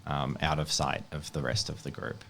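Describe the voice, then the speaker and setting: A man playing a tabletop role-playing game, speaking deliberately in character. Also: very deep voice, level tone, gravelly, fairly bright tone, a little hiss or hum. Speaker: player.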